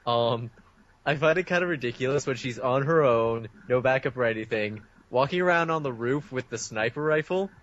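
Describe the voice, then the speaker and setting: A man's voice: medium pitch, moderate pace, a bit bright. A man co-hosting a casual chat about TV shows, dropping wry, joking asides. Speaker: podcast co-host. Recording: dull lo-fi sound with faint noise.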